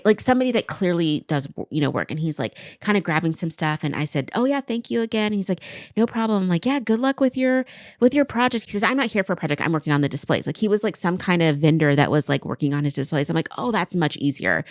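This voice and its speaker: A woman in her forties on a podcast, chatting casually in a slightly low voice. She rambles and pokes fun at herself, scattering "like" through every sentence. The sound is dry and close, with no room around it. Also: animated, quick pace, no echo. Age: 40s. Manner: rambling, self-deprecating, heavy use of "like". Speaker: podcast co-host. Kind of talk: casual storytelling chat.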